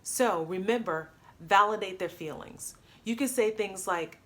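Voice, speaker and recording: An upbeat woman coach talks straight to her audience in a lively, friendly way. She often acts out example phrases to show how they should sound. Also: medium pitch, measured pace, few pauses. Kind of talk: coaching talk to camera.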